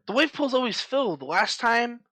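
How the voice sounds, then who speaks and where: A young man co-hosting a casual podcast chat, telling stories in an animated way and acting out his own panicked quotes. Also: very high-pitched, normal speed. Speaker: podcast co-host.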